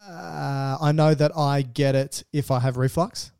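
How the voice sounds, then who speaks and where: Brief: doctor co-host, mellow slightly high voice, jokey and loose, dry close mic. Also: male voice, fairly even intonation, unhurried, gravelly, smooth, no room sound. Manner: joking, laughs often, plays the student. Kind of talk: casual podcast chat.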